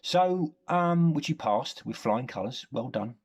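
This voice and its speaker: A man from the UK talking through an improvised comic monologue at a middle pitch. He rambles, trails off and drops deadpan asides. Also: a little slow, breathy edge. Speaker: comedy host.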